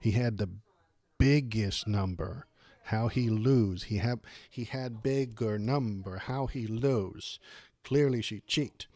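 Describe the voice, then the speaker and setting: A man's voice: on the low side, slow, dark tone, no room sound. A man doing a mocking impression of a dim-witted, blustering male pundit in dopey, grunting speech.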